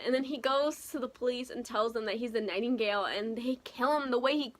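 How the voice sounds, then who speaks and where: Young woman, casual book vlogger, bright tone, emotional and gushy. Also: on the high side. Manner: gushing and emotional, many fillers and exclamations. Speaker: book reviewer. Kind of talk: casual book review vlog.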